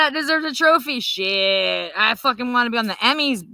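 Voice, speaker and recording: A woman hosting a casual livestream, telling a story in a profane, animated way and laughing often. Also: fairly high pitch, normal speed, hardly any pauses, dry recording. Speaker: livestream host.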